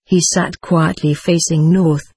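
A man reading a first-person account as audiobook narration, in a steady, measured way. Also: on the high side, slightly rough, no room sound.

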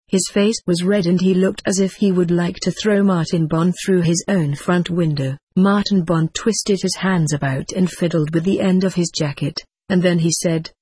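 A narrator reading a story aloud at a steady, measured pace. The voice is husky and sits at a middle pitch. The recording is close and dry. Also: no echo. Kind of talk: audiobook narration.

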